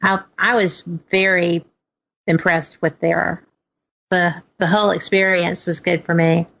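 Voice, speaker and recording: Gravelly low-voiced woman co-host. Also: little pitch movement, unhurried, a bit bright. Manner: supportive, brief reactions. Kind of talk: casual radio chat.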